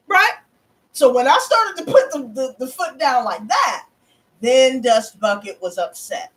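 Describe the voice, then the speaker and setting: A woman's voice: medium pitch, low-quality recording. A young woman tarot reader telling a story in a casual, blunt way, full of slang and swearing. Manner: animated, blunt, profane, heavy slang.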